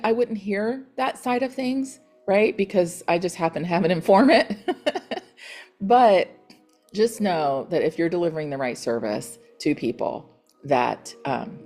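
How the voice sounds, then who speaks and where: Chatty low-voiced woman hosting a coaching call. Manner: chatty, retells conversations with lively quoted voices. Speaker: real estate coaching call host. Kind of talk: motivational team call.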